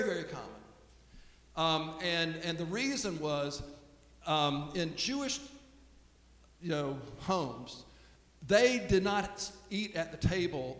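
A man preaching a sermon in a relaxed, storytelling way, often restarting his sentences, recorded in a church sanctuary. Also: high voice. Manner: conversational storytelling, with frequent restarts. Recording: echoey hall with long reverb.

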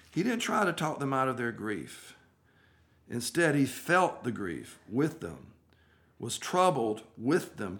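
A male pastor preaching a sermon, moving between hushed, quiet phrases and emphatic, rising ones. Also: medium pitch.

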